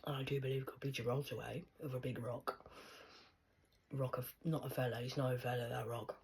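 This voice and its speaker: A woman's voice: extremely low pitch, moderate pace, pauses often, slightly rough. A woman, talking straight to camera in an erratic, rambling monologue that jumps from one idea to the next. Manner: erratic, rambling, jumping between ideas.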